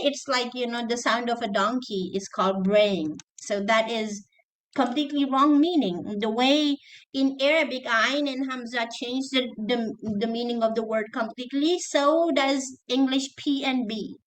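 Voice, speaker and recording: A woman teacher giving an online lesson, repeating words slowly to drill pronunciation and mixing in Arabic terms. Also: a little high. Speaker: teacher trainer.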